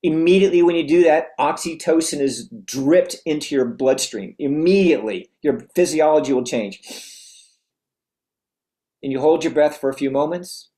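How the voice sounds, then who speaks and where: Energetic motivational coach asking rhetorical questions. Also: mid-range voice, normal speed. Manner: restarts phrases often. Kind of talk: motivational talk to a note-taking audience.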